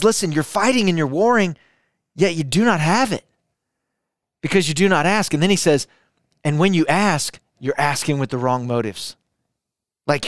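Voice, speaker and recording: A man's voice: sits high, a bit bright, no echo, clean studio sound. A man preaching a sermon, emphatic and repetitive, firing rhetorical questions and asking listeners to repeat lines after him. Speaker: pastor.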